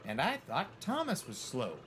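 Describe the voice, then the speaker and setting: A man's voice: mid-range voice, wildly swooping pitch, measured pace, fairly bright tone, slight background noise. A man voicing a smug, boastful male bus in a storybook.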